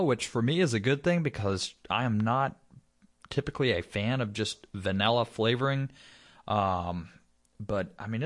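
A low-pitched man co-hosts a laid-back podcast. He jokes easily and lets his sentences fade out softly at the end. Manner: easygoing, joking, trails off softly. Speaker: podcast co-host. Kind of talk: casual chat reviewing beer.

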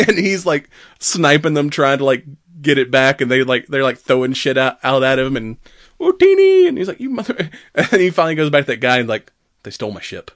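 A man's voice: medium pitch, a little fast, no room sound. Man, casual podcast chat, laughs a lot, dry close sound. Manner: animated, laughs often, acts out quotes. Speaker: podcast co-host.

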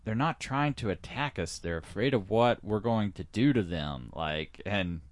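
Man, podcast co-host, low voice, lively pitch, loose banter, swearing. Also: measured pace. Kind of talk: casual chat.

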